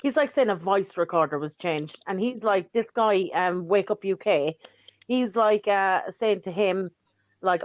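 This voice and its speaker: A woman's voice: mid-range voice, expressive, a little slow, dry recording, lo-fi sound. A woman talking on a livestream panel, indignant and rambling with many fillers. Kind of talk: casual livestream panel talk.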